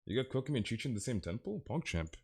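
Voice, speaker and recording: A man's voice: mid-range voice, sing-song, racing, a little mellow, slight background noise. A man with an American accent hosting a live game stream, upbeat and greeting viewers in chat by name. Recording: game music playing behind. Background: game music.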